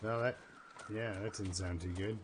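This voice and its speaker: A man's voice: on the low side, fairly even intonation, moderate pace, background noise. A man with a Canadian accent giving chatty, rambling gameplay commentary as a streamer, talking to his chat and to himself.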